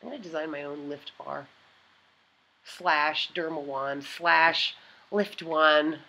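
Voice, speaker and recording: A woman's voice: sits low, fairly even intonation, slow pace, vocal fry, pushed and bright, low-quality recording. A woman vlogger chatting casually as she tries out beauty gadgets, rambling and often trailing off mid-thought.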